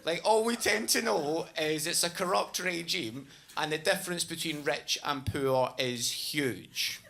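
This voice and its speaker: A man's voice: a little high, unhurried, vocal fry. A man telling a wry stand-up anecdote. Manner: bright, wry anecdotal storytelling. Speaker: stand-up comedian. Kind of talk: stand-up routine.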